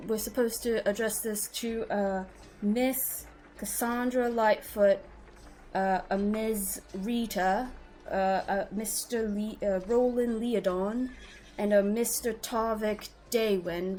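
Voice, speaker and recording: A woman's voice: mid-range voice, fairly even intonation, slow, darkish tone, voice pushed up, close to an everyday voice, rough recording. A woman voicing a nervous male city guard in a tabletop game, hesitant and stumbling over his words. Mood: flustered. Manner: hesitant, full of uhs.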